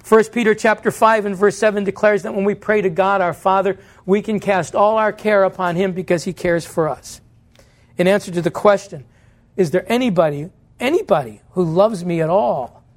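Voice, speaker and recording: A pastor preaching a sermon in church, earnest and direct, posing questions to the congregation and answering them himself. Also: male voice, high voice, normal speed.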